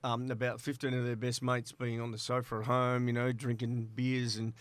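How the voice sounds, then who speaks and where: A man's voice: mid-range voice, monotone, normal speed, no echo. Chatty Australian man, dry sound. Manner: chatty storyteller, acts out quoted dialogue, laughs between lines. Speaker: interview guest, former player agent. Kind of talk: casual podcast interview.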